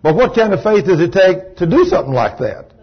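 Husky, animated male preacher. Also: high-pitched, a little fast. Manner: animated storytelling, asks the congregation questions. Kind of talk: sermon. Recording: dull lo-fi recording.

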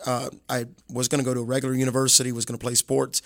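A middle-aged man with a Southern American drawl talks earnestly, circling back and restarting as he tells his story. His voice sits at an ordinary pitch, and the sound is dry and close to the mic. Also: completely flat delivery, very fast, no room sound. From Alabama, USA. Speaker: guest evangelist and author. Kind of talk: casual interview.

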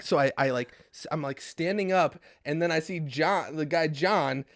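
A man's voice: on the high side, normal speed, hardly any pauses, a bit bright, dry recording, studio quality. A young man co-hosting a podcast, telling a story in a casual, swearing, laugh-filled way. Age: young adult. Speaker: podcast co-host. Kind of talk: casual chat.

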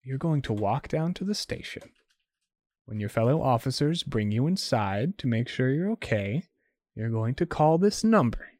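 A man's voice: medium pitch, expressive, moderate pace, darkish tone, dry recording, close to an everyday voice. A man voicing a menacing woman vampire gang leader who talks in a taunting, mock-sweet way. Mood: commanding.

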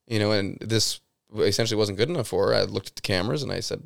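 A man with a low, gravelly voice spins a long-winded story in loose, casual chat. He swears often and leans on fillers as he goes. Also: fast talker. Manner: rambling anecdotes, frequent swearing and fillers. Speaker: store owner, podcast co-host.

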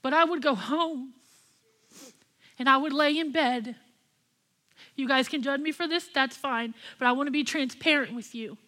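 A woman's voice: high voice, moderate pace, long pauses, bright, forceful tone. A young woman pastor and worship leader giving an impassioned, candid sermon with personal testimony.

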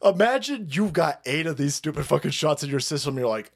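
A man's voice: on the high side, lively intonation, brisk, gravelly. A man hosting a livestream, ranting with heavy profanity and mocking laughter. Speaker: streamer host.

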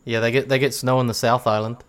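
A man's voice: medium pitch, level tone, fast. A young man with a New Zealand accent, a podcast guest chatting casually, laughing often and swearing freely. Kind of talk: casual chat.

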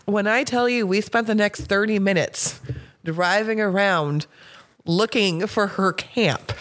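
A woman spins casual stories on a podcast, cursing freely and breaking into laughs. Her pitch sits in the middle of the usual range for a woman. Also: unhurried, a bit bright. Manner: swears freely, laughs often while telling stories. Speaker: podcast guest. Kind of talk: casual storytelling.

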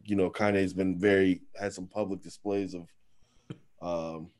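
Low-voiced man steering a casual podcast chat. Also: level tone, a little mellow. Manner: sarcastic, leads topics with slow deliberate setups. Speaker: podcast co-host.

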